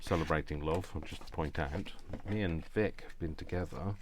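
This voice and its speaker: A man's voice: a bass voice, moderate pace, background noise. A man chatting casually while he crafts at home, rambling with self-deprecating asides. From not from Yorkshire, lives there now. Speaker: crafting vlogger.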